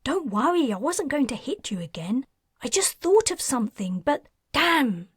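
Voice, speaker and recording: A woman's voice: high voice, sing-song, moderate pace, no echo, studio quality, pitched above the performer's own voice. A woman doing a fierce, desperate mother. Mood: anxious. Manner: urgent, anxious.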